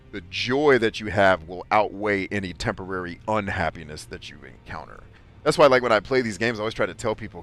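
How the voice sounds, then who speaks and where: A man's voice: on the low side, fairly bright tone. A middle-aged man hosting a podcast, talking in a blunt, profane, emphatic way in casual chat. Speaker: podcast host.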